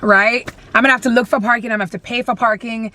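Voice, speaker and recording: Young woman vlogger, higher-pitched, venting bluntly in her car; animated, foul-mouthed delivery. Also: fast. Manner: animated, blunt, swears freely. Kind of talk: casual venting vlog.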